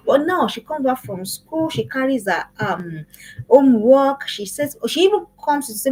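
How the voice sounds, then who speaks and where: A woman teaching a class for parents, talking in an emphatic, repetitive, preaching way with a husky voice. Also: high-pitched, expressive, normal speed, poor audio. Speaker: parenting coach.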